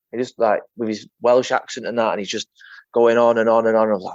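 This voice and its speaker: A man's voice: mid-range voice, quick pace, a little mellow, no echo. A young man, an MMA fighter as a guest, chatting casually and rambling through stories while he swears and keeps saying "mate". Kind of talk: casual chat. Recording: dull lo-fi sound.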